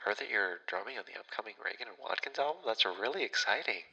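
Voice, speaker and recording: A man plays a doting, soft-spoken mother who speaks in a put-on telenovela-style Spanish-tinged accent. Her tone is very bright and edgy and sits fairly low. She sounds a little puzzled and very proud. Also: lively intonation, fast, breathy edge, muffled recording, exaggerated voice. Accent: telenovela-style Spanish-tinged English. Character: caller's mother, a chatty middle-aged woman.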